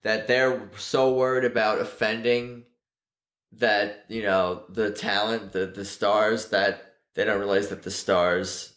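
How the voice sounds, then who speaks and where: A man's voice: lowish voice, steady tone, slow pace, a bit bright. A man hosting a podcast in casual interview chat. He drops short agreeing interjections and swears casually. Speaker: podcast host. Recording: roomy echo.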